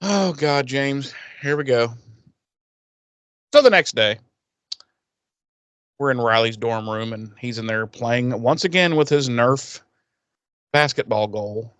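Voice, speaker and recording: A man's voice: mid-range voice, slow, pauses often, a bit bright, dry recording. A man co-hosting a podcast, recapping a TV episode in crude, joking casual chat and acting out the characters' lines. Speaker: podcast co-host.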